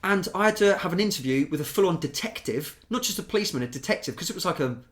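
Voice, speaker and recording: A man with a British accent, co-hosting a podcast and telling stories in an animated, sweary way. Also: high voice, fast talker. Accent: British English. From England. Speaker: podcast co-host. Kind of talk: casual storytelling chat.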